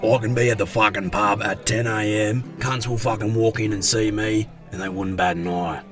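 A man's voice: lowish voice, fairly even intonation, normal speed, over music, lightly acted. A man voicing an easygoing Australian pub regular in a cartoon, swearing in every sentence. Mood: laid-back. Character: laid-back Aussie bloke in high-vis, pub regular. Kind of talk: animated cartoon voice acting.

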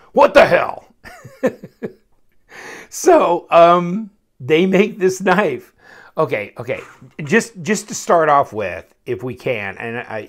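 A man giving a casual, rambling knife review, chuckling often and interrupting himself as he goes. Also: fairly high pitch.

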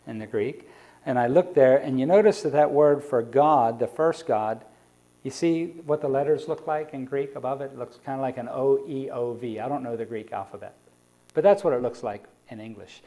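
A male evangelist delivering a sermon in a mellow, warm voice. He walks his listeners through scripture point by point and often pauses to ask them questions. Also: on the high side. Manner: explanatory, asks the congregation rhetorical questions. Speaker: evangelist preacher.

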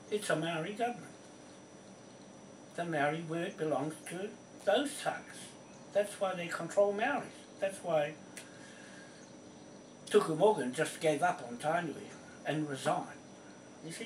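A New man with a slightly high voice delivers a rambling, accusatory monologue. He repeats and stresses his points insistently. He is recorded from a distance in a roomy, echoey space with faint background noise. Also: moderate pace, long pauses. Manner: emphatic, accusing, repeats himself. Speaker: land claimant addressing viewers. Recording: roomy echo from a distant mic.

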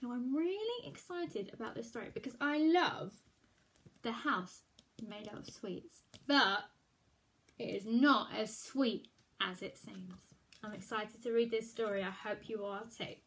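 High-voiced, slow, expressive woman teacher. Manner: warm, expressive and exclamatory. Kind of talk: storytime read-aloud for young children.

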